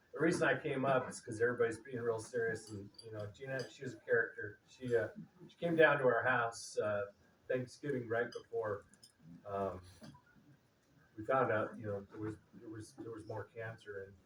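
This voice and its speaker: At a memorial gathering, a middle-aged man, cousin of the deceased, gives an informal, storytelling eulogy in a mid-range, slightly bright voice at a moderate pace. His humorous, loose story about his cousin is full of fillers and quotes he acts out. Recorded from a distance in a roomy space, it carries audience murmur and slight background noise.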